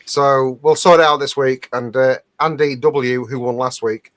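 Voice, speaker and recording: A man's voice: mid-range voice, fairly even intonation, a little slow, no room sound. A man co-hosting a casual live stream, reading viewer comments aloud and laughing often. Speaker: co-host reading out viewer captions.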